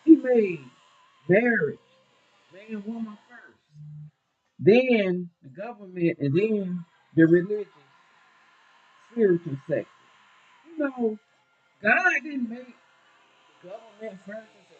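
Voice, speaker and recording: A man's voice: sits high, expressive, takes it slowly, long pauses, husky. A man, a minister, talking in a preachy, emphatic way in casual discussion, repeating his points. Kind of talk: casual talk show discussion. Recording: dull lo-fi recording.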